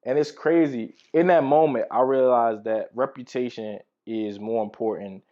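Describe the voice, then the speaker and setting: A man's voice: mid-range voice, moderate pace, warm tone. Slangy male Bible teacher, lo-fi. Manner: conversational, slangy storytelling. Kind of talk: casual teaching talk with personal stories.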